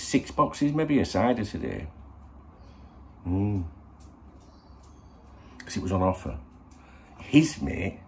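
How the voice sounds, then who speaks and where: A middle-aged man, hosting a casual morning vlog to camera in a rambling, sweary, chatty way. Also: low-pitched. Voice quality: gravelly. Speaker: football channel host.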